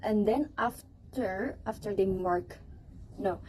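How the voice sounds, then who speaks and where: A woman's voice: mid-range voice, slow pace, a little mellow, slight background noise, poor audio. A woman presenting a teaching project to a class, hesitant, with fillers and restarts.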